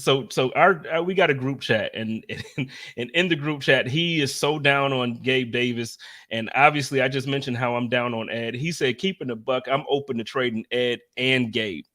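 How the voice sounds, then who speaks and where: A man with a bright, forceful voice hosts a casual sports talk show. He talks with lively emphasis, building his points with repeated phrases and quick asides. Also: medium pitch. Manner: energetic, animated, emphatic. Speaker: podcast host.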